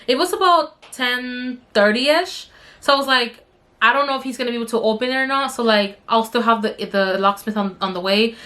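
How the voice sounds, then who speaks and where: Chatty woman vlogger, slightly high voice. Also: a little fast, pushed and bright. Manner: chatty, rambling with many fillers. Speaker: beauty vlogger. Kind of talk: casual storytime while doing makeup.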